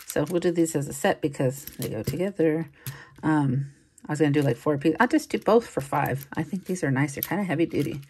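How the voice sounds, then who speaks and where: A jewelry reseller chats through an unboxing, musing as she goes and filling gaps with likes and ums. She speaks a little fast in a low-pitched, husky, slightly mellow voice.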